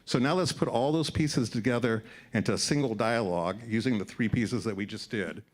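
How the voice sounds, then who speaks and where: Man, conference speaker, upbeat explainer, mid-pitched voice, live audience room. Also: a little fast. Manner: upbeat, explanatory, walks through slides. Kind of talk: short-format tech presentation.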